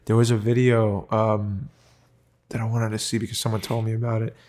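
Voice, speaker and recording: A man's voice: on the low side, level tone, fairly quick, darkish tone. A man in casual chat, emotional and swearing often, acting out the people in his story. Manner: emotional, swears freely, acts out quoted lines.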